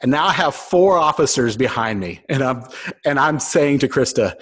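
Speaking with lively intonation at a normal pace, this thirty-something pastor's medium, somewhat bright voice has a breathy edge. His sermon is a funny, self-mocking personal anecdote in which he acts out other people's voices.

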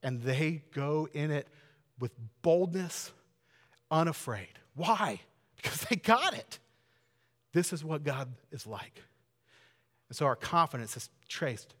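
A man preaching a sermon in a church sanctuary, talking conversationally and earnestly, building to loud emphatic peaks. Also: medium pitch, in a large hall. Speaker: pastor.

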